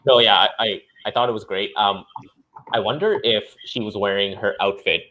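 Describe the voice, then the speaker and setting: A man's voice: on the low side, moderate pace, sharp tone, low-quality recording. A man on a casual podcast panel, giving easygoing short remarks. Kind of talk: casual pop-culture discussion.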